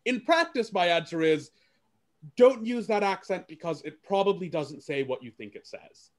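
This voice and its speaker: A man gives careful, measured answers on a discussion panel and hedges his points. His voice sits somewhat higher than most men's. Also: animated.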